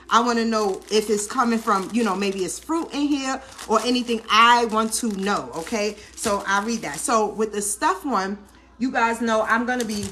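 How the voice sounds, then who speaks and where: A woman's voice: a little high, pushed and bright, a little hiss or hum. A woman vlogger and busy mom chatting casually while she cooks in her home kitchen, coaching viewers and checking in with "okay?" as she goes. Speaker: vlog host, busy mom. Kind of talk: casual cooking demo talk.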